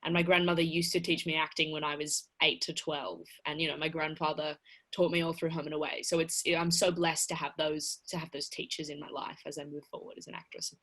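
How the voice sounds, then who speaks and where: A young actress answering interview questions earnestly, with frequent restarts. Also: female voice, deep voice, little pitch movement, a little fast, a bit bright. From Australia. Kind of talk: casual press interview.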